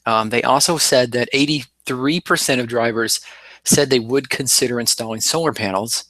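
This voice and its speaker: A man's voice: mid-range voice, normal speed, pushed and bright, no room sound. A man co-hosting a car podcast, relaying a report in rambling casual talk with many ums and restarts. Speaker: podcast co-host.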